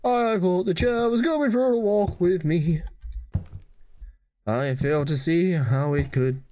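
A man giving dry, deadpan let's play commentary while playing a horror game. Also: high-pitched, takes it slowly, slight background noise.

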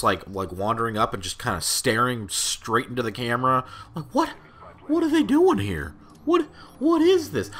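Young male gameplay commentator, lowish pitch, bright tone, loose profane ramble. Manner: rambling and profane, heavy with fillers. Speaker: gaming channel host.

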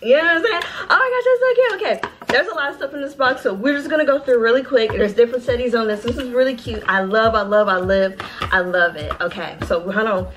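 A bubbly, excitable woman chatting straight to her viewers while unboxing in a casual vlog, recorded indoors. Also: fairly high pitch, quick pace, a little hiss or hum. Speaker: beauty vlogger.

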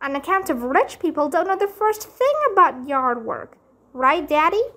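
A woman's voice: high voice, animated, moderate pace, a bit bright. A woman voicing a spoiled, showy little rich girl in a storybook reading, with a whiny sing-song voice. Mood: showing off.

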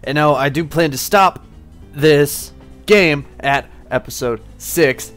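Excitable man narrating a game, slightly high voice, rambling, faint music behind. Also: slow. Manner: rambling, excitable, swears at enemies. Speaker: gaming channel host. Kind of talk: casual gameplay commentary.

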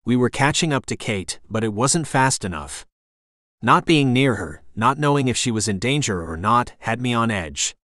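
Male audiobook narrator, mid-range voice, steady and gritty first-person reading, dry close recording. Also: mid-range voice, normal speed, no room sound.

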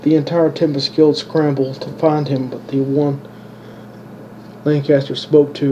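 A man reading his own fantasy novel aloud as narrator, in a steady, unhurried way, on a dull home recording. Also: fairly high pitch, a little hiss or hum. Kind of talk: audiobook reading.

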